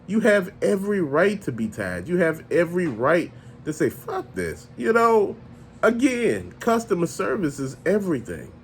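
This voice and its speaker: A man hosting a casual vlog, ranting in an animated, profane, conversational way and often laughing as he talks. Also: high-pitched, normal speed, a little hiss or hum. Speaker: toy channel host.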